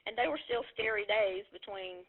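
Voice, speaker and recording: A woman shares her story as a distributor over a tinny phone line. She talks at a middling pitch and tells it earnestly, with plenty of "you know" fillers along the way. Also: moderate pace, breathy edge. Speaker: network marketing distributor sharing her story. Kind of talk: personal testimony on a conference call. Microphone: telephone.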